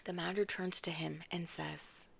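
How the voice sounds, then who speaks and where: Her voice is on the low side, steady, creaky, and a bit bright at normal speed, with slight background noise. The young vlogger delivers a chatty, sassy storytime on her own mic, addressing viewers as babes and y'all and imitating people in mock voices.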